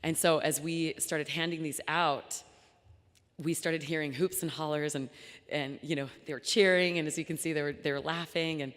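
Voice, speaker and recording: A young woman with a low voice gives an earnest, conversational talk at a luncheon, hopping between thoughts with plenty of ums and restarts. Her voice rings out with a long reverb tail from a large banquet hall. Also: steady tone, normal speed, fairly bright tone. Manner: earnest and chatty, with frequent fillers and restarts. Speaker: nonprofit founder giving a luncheon talk. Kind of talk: speech to a live audience.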